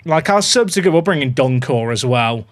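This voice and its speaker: A man live-streaming a football management game, chatting excitedly to his viewers and reacting to every goal. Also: medium pitch, moderate pace. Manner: excitable, chatty, talks to his dog and chat. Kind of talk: live gameplay commentary.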